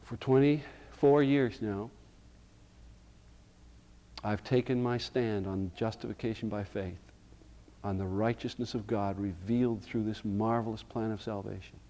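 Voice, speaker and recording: A middle-aged male pastor preaching a sermon to his congregation, going from hushed and slow to loud and emphatic. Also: on the low side, fairly even intonation, lo-fi sound. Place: church sanctuary. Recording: reverberant church hall.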